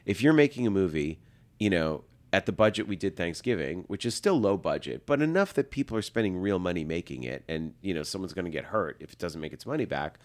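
A man around fifty, a film director, telling animated anecdotes as a guest and acting out the lines he quotes. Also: low-pitched, quick pace. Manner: lively storyteller, acts out quotes, laughs often.

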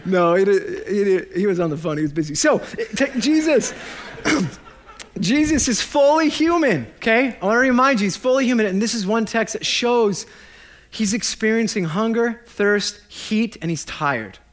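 A man in his thirties preaches a sermon in a fairly high voice. He keeps it light and animated, tossing in jokes and laughing at his own lines as he goes. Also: moderate pace. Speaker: pastor.

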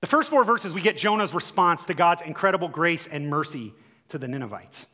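High bright-voiced man preaching in a hall. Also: brisk. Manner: animated, acts out quotes with rising pitch. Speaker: pastor. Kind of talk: sermon. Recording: long hall reverb.

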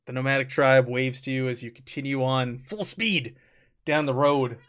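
A man running a tabletop game as game master, narrating in a relaxed way and laughing often. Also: medium pitch, moderate pace.

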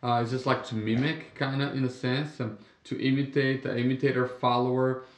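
A man from Brazil with a Brazilian Portuguese accent, co-hosting a casual Bible study discussion, talking haltingly with many restarts. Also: medium pitch. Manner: halting, many restarts, animated when telling stories. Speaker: podcast co-host. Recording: roomy echo.

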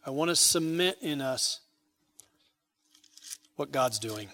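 A man preaching a sermon as pastor, emphatic, swelling loud on key phrases and dropping soft at the ends of lines. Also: medium pitch, expressive, slow, slight background noise.

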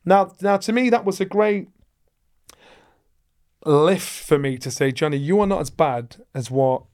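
A man's voice: fairly high pitch, lively intonation, unhurried, darkish tone. A middle-aged man, a guest in an interview, who tells a long story with energy and acts out the voices of the people in it. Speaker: guest, former boxing world champion.

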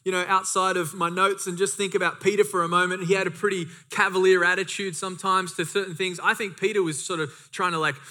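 A pastor preaches a sermon, reading scripture and hammering his points home through emphatic repetition, with casual asides mixed in. His voice sits high, with a bright, forceful tone.

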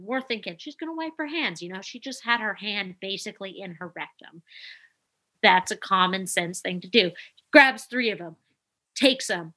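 A young adult woman, a nurse, telling a story in casual chat and acting out quotes with big jumps in pitch. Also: bright, forceful tone.

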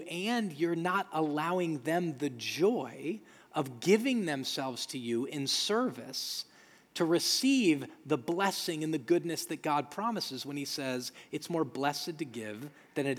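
Male pastor, slightly high voice, earnest emphatic sermon delivery, echoing church hall. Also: lively intonation, unhurried. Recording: long hall reverb.

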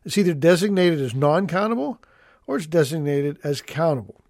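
In a clean, dry studio recording, a middle-aged estate planning attorney hosts an educational radio-style talk show. His voice is a little high and a little mellow, expressive and fairly quick. He explains the rules in a folksy, emphatic manner and repeats his key points.

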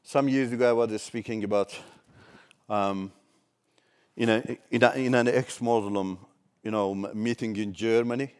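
A man preaching a sermon, swinging between loud emphatic declarations and soft asides. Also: lowish voice, fairly even intonation, moderate pace, clear, resonant tone.

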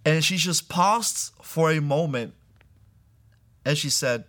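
A young man sharing a personal faith testimony as an interview guest, earnest and storytelling, acting out the voices he quotes and laughing softly now and then. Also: on the high side, slow, long pauses.

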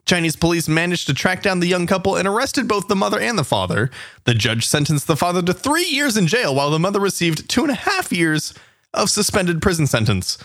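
Higher-voiced man reading tech news. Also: very animated, fairly quick, a bit bright, dry recording, studio quality. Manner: wry, newsy read with asides. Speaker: podcast news host.

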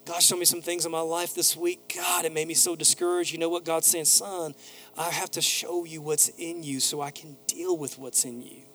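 A man's voice: fairly high pitch, steady tone, normal speed, fairly bright tone, soft background music. Male pastor preaching with emphatic repetition. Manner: preaching with emphatic repeated phrases, quoting a neighbor in a casual voice. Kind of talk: sermon. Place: church sanctuary.

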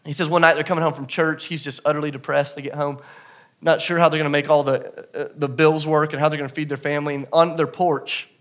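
A male pastor preaching a sermon in a church service, telling stories that swing from hushed to loud and emphatic. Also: fairly high pitch, flat delivery, fast talker.

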